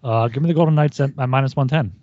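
A man's voice: mid-range voice, racing, warm tone, no room sound, highs cut off. A man giving casual hockey betting picks, often repeating words as he talks. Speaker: sports betting panelist. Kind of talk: casual sports betting chat.

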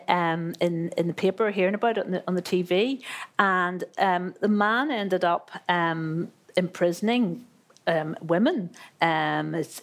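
Chatty woman author. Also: on the low side. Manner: chatty and reflective, repeats words and fillers. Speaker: author being interviewed. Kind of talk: literary conversation before an audience.

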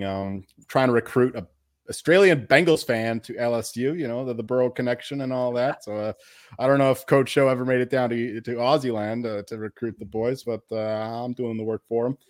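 A man co-hosting a casual sports betting podcast, rambling in a laid-back way with many fillers and curse words. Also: mid-range voice. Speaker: podcast co-host.

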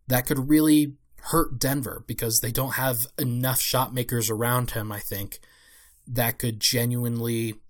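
A man's voice: medium pitch, fairly bright tone. Man talking basketball off the cuff. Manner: thinks aloud with fillers and restarts. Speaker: basketball podcast host. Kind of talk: solo casual sports analysis.

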